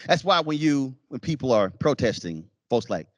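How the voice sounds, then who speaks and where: Speaking at a moderate pace with few pauses, a mid-range male voice gives a lively university keynote in a lecture hall. His stories feature quotes he acts out, switching voices as he goes. The audio is dry and clean, like a studio.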